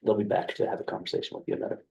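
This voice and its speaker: A man's voice: racing, warm tone, distant mic, lo-fi sound, a little hiss or hum. A man on county staff explaining a development proposal at a work session, hesitant and full of fillers, in a meeting room. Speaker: county planning staff presenter.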